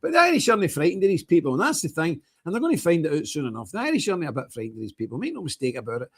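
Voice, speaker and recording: A man's voice: a little high, very animated, very fast, husky. A man hosting a livestream, talking bluntly and emphatically, chuckling often. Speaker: livestream host. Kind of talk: casual ranting monologue.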